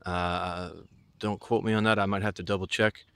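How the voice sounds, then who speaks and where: A man's voice: deep voice, little pitch movement, moderate pace, a bit bright, clean tone, no room sound. A middle-aged man from the American South giving a rambling, casual walking tour of his homestead outdoors, with many fillers and restarts. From Southern United States. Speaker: homesteader vlogger.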